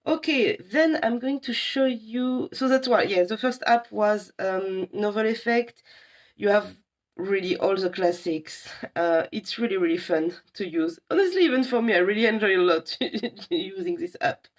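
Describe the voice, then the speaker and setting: A young adult woman from a library staff giving a casual live demo of apps, chatty and enthusiastic with many pauses. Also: medium pitch, expressive.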